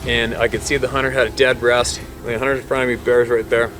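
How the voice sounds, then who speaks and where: A man who works as a hunting guide tells a tense story in a lively way, laughing often and acting out the gunshots. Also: medium pitch, quick pace, a little hiss or hum. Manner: vivid storyteller, laughs often, mimics shots and whispers. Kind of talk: animated storytelling.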